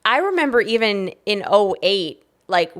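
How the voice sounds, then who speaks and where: A woman's voice: medium pitch, big pitch swings. A woman in her thirties hosting a podcast, talking in a chatty, effusive way. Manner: chatty, effusive, quick to laugh. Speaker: podcast host. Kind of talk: casual chat.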